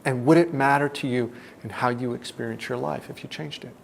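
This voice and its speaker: Man, self-help teacher; gravelly, measured delivery that sinks soft and low. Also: fairly even intonation, slight background noise. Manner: deliberate, often drops to a soft, low tone. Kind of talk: reflective teaching talk.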